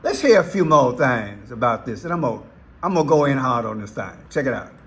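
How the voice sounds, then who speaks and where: A man's voice: medium pitch, very animated, a little hiss or hum. A man hosting a casual political commentary channel, folksy and emphatic. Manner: folksy, emphatic, slow and drawn out. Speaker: YouTube commentary host.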